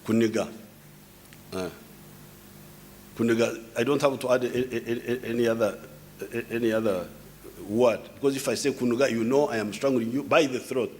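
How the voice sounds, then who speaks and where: A man addresses a crowd without a script. His pitch is mid-range, and he speaks in a lecturing way, explaining word by word. He often stumbles, restarts and repeats words. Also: steady tone, fairly quick, a little hiss or hum. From Uganda. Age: 70s. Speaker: head of state giving a speech. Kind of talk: unscripted public address.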